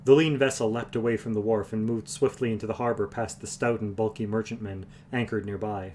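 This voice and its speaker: A man reading a fantasy novel aloud on a livestream, even and unhurried, with the occasional restart. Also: lowish voice, slight background noise. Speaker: reader. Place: home livestream.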